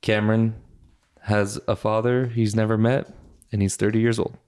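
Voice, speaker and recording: A man's voice: lowish voice, little pitch movement, moderate pace, darkish tone, smooth. A man hosting a casual, bantering podcast chat about a novel. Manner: playful, bantering. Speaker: podcast host. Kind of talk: casual book-review chat.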